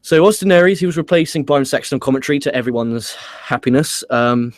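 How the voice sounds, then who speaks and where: A man's voice: mid-range voice, fast talker, dry recording, studio quality. A man with an English accent hosting a casual wrestling review, ranting and swearing as he talks. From England. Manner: profane, animated ranting. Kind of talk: casual podcast chat.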